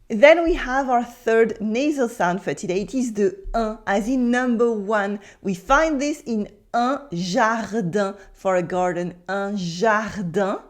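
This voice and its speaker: A woman with a French accent teaching pronunciation in English, patiently modeling words and repeating them for the listener. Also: a little high. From France. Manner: patient, drills words slowly with repetitions. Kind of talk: pronunciation lesson.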